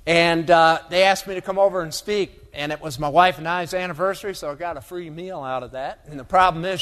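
A man with a high-pitched, slightly bright voice delivers a humorous, folksy keynote on agricultural economics to a live audience. His talk is packed with stories and asides, and the recording carries a long hall reverb.

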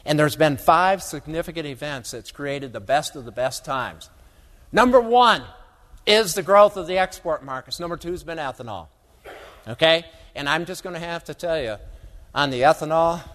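A man's voice: on the high side, fairly bright tone. A man giving a humorous, folksy keynote talk on agricultural economics to a live audience, full of stories and asides. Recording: long hall reverb.

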